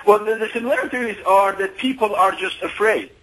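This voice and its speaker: A man's voice: sits high, fairly quick, a bit bright, breathy edge, poor audio. A middle-aged man from Iran calling into a radio show, hesitant and full of fillers. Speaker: caller. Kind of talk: phone-in call to radio show.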